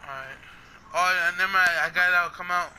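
A man's voice: sits high, fairly even intonation, brisk, bright, forceful tone, slight background noise. A man playing a driving game with a friend, joking around, swearing and repeatedly teasing him in a cartoon-bear style bit. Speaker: gaming channel host. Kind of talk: casual gameplay banter.

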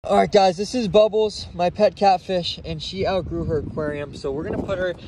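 A man's voice: high voice, steady tone, fairly quick, noisy background. A man chatting casually to camera in an upbeat vlog style, outdoors. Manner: upbeat, then shouting in dismay.

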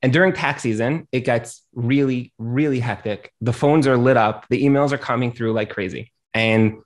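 A man's voice: medium pitch, normal speed. A man, a rabbi and accountant, giving earnest marriage advice on a talk show and often repeating his phrases.

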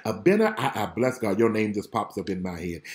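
A man's voice: lowish voice, sing-song, brisk. A man preaching a livestreamed Bible study sermon, repeating key phrases with emphasis and greeting viewers by name. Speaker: pastor.

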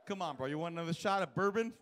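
A man's voice: fairly high pitch, expressive, very fast, a bit bright, slight background noise. A male stand-up comedian on a comedy club stage, doing brash, profane, teasing crowd work with the audience.

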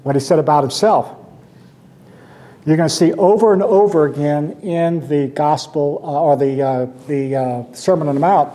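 Guy teaching sunday school, kinda high voice, chatty, keeps asking the class questions. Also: normal speed, dark tone. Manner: conversational, asks rhetorical questions, quotes scripture with emphasis.

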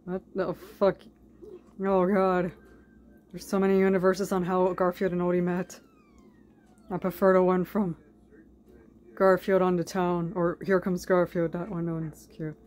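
A woman doing an improvised mock-dub over a cartoon, rambling with heavy swearing in a deadpan way. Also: lowish voice, measured pace, pauses often. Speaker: comedic fan dubber.

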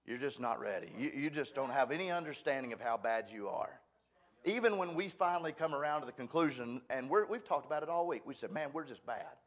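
A man's voice: medium pitch, lively intonation, quick pace. A man preaching a sermon at a church, folksy and emphatic, joking at his own expense. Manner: folksy, emphatic, self-deprecating. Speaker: guest preacher.

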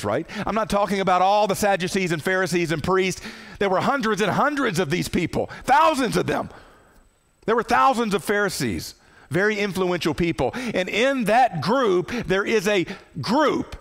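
Gravelly, impassioned male preacher. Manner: impassioned preaching, swings from loud outbursts to hushed low tones. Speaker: pastor. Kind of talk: sermon.

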